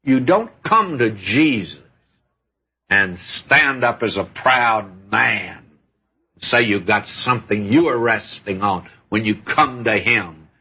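Husky folksy old preacher, lo-fi. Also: male voice, lowish voice, animated, takes it slowly. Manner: folksy, earnest, addresses listeners as friend. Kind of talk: sermon. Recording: dull lo-fi sermon recording.

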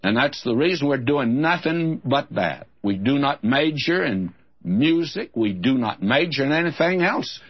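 Husky, animated man preaching on radio. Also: mid-range voice, unhurried, lo-fi sound. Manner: folksy, emphatic preaching with lively rises for scripture. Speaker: radio Bible teacher. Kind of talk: sermon.

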